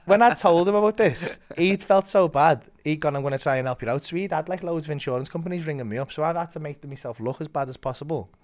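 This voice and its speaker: Comedian guest, higher pitch, sweary animated storyteller. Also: male voice, fast, few pauses. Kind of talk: casual anecdote with quoted voices.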